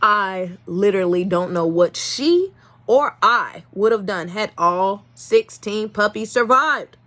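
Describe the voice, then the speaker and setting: A young woman breeder telling a casual vlog story in an animated, exasperated way, swinging between loud and soft. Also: mid-range voice, takes it slowly. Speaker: dog breeder.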